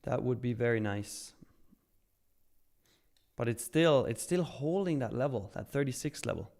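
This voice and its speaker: A man's voice: medium pitch, animated, unhurried, gravelly, a little mellow. A man from Switzerland hosting a live trading stream, upbeat and chatty as he reads chat aloud. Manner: upbeat, chatty, hyped by milestones.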